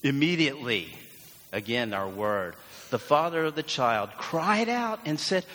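A man's voice: mid-range voice, very animated, unhurried, pushed and bright. A man preaching a sermon as pastor, earnest and emphatic, leaning into repeated phrases. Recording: long church hall reverb.

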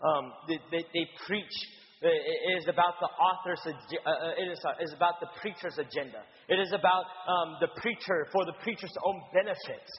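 A man preaching in a conversational teaching style, halting with stammered restarts and frequent "right?" checks. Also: a little high, big-room sound, muffled recording. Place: church in Houston.

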